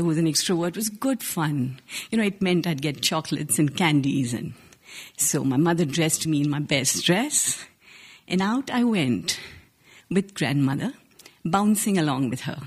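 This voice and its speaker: A woman in her forties from India with an Indian accent, telling a personal story live on stage in an earnest, measured way with small restarts. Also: fairly low pitch, husky. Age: 40s. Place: stage before a live audience.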